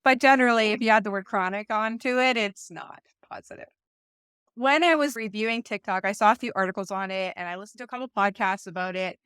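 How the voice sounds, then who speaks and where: Woman, 40s, podcast co-host, casual chat, rambling asides, smooth resonant voice. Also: mid-range voice, quick pace, fairly bright tone, no room sound, clean studio sound. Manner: chatty, talks things through with many asides and restarts.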